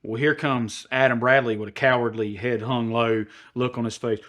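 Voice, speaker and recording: A man's voice: medium pitch, normal speed, few pauses, highs cut off. A man with a Southern US accent, a podcast guest brashly telling a story and acting out quoted lines. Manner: brash, animated storyteller who acts out quotes. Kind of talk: casual storytelling.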